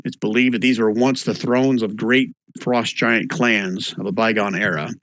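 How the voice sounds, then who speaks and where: A man's voice: lowish voice, fairly even intonation, moderate pace, fairly bright tone, dry recording, poor audio. A man running an online tabletop one-shot as game master, easygoing, with lots of fillers, spelling out names as he goes. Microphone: voice chat microphone.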